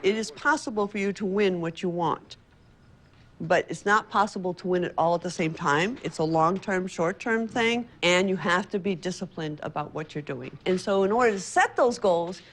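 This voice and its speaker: A woman's voice: fairly low pitch, normal speed. A woman speaking as a community organizer, direct and encouraging as she coaches. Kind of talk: interview and workshop talk.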